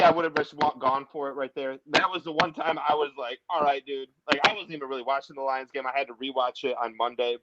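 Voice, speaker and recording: A man hosting a casual sports talk show, animated and ranting in quick bursts. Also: mid-range voice, heavy background noise. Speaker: podcast host. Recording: dull lo-fi audio.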